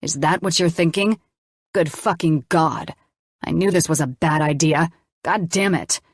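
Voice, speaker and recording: A woman's voice: low voice, unhurried, no room sound, clean studio sound. A woman voicing a young male doctor in an audiobook, defensive and swearing as he argues with his lover. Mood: heated. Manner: swearing, pleading.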